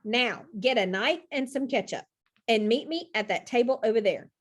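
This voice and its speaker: A woman's voice: a little high, animated, normal speed. A woman voicing a confident, playful young boy who explains a silly game, reading a storybook aloud. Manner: easygoing, instructing.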